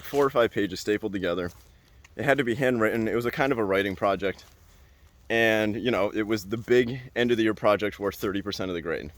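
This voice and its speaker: A young adult man hosting a podcast, telling a story in a casual, animated way and repeating phrases for emphasis. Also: on the low side. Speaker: podcast host.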